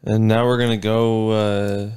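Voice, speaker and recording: A man with a fairly low voice hosts a podcast and chats easily with his friends. He reads out quick questions in a laid-back, unhurried way. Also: level tone, darkish tone, smooth. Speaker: podcast host. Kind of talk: casual chat.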